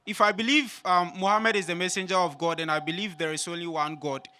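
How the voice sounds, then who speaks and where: A man in the audience asking questions, speaking hesitantly and softly. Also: high voice, steady tone, fast talker, smooth.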